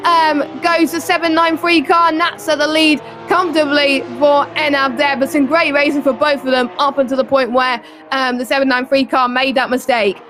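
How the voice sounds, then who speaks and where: A woman co-commentating an online sim race, chatty and full of fillers, getting excited in close battles. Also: high voice, normal speed, few pauses, over music.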